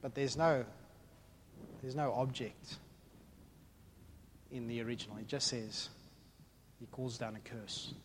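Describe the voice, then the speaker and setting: A man preaching a sermon in an animated way, acting out the voices of the people in the story. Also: mid-range voice, slow pace, pauses often, slight background noise.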